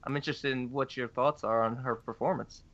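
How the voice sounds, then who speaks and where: A man's voice: medium pitch, steady tone, fairly quick, fairly bright tone, dull audio. A man co-hosting a podcast in casual chat, wry and teasing, laughing easily. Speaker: podcast co-host.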